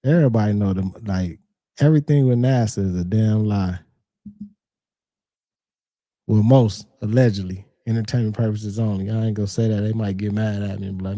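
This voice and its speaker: Brief: young male reaction host, slangy and laid-back, very dark mellow tone, close dry sound. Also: fairly low pitch, steady tone, moderate pace, no echo. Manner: laid-back slangy banter, talks to chat. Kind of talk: casual reaction commentary.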